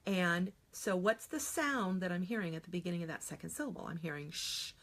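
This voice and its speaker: A woman's voice: lowish voice, expressive, a little fast, a bit bright. A middle-aged woman teaching a phonics lesson on video, explaining patiently step by step and modeling each sound aloud.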